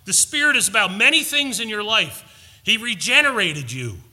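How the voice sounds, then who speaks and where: A man's voice: high-pitched, big pitch swings, normal speed, bright, forceful tone, long reverb tail. A man preaching a sermon, earnest and storytelling, building to emphatic points. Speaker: pastor.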